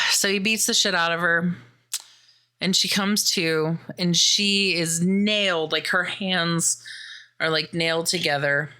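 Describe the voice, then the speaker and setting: Chatty woman podcaster, bright low voice. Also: steady tone, takes it slowly. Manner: chatty, filler-heavy, swears freely. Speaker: podcast host. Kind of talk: casual movie recap.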